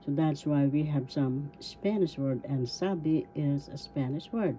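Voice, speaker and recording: A woman with a Filipino accent teaching a language lesson, sounding out words slowly syllable by syllable. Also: deep voice, warm tone, a little hiss or hum. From Philippines. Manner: slow, careful syllable-by-syllable pronunciation. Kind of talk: slow spoken language lesson.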